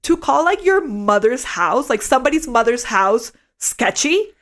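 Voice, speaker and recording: A young adult woman telling a story as a podcast co-host, animated, swearing freely and saying "like" a lot. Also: on the high side, measured pace. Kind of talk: casual storytelling chat.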